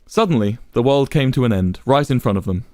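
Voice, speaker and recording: Brief: male narrator reading dramatic fan fiction; lively, mid-pitch, dry. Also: fairly quick, no room sound. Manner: expressive, varied storytelling.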